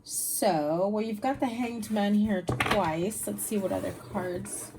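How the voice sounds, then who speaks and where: A woman's voice: medium pitch, takes it slowly, background noise. A woman giving a casual tarot reading, chatty and rambling, tired. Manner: chatty, rambling, with fillers and laughs. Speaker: tarot reader.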